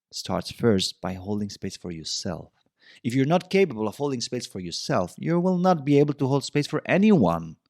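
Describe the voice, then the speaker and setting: A man's voice: fairly low pitch, a little mellow, no room sound, clean studio sound. A man hosting a podcast, giving relationship advice in a reflective, casual monologue and often repeating himself. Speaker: podcast host.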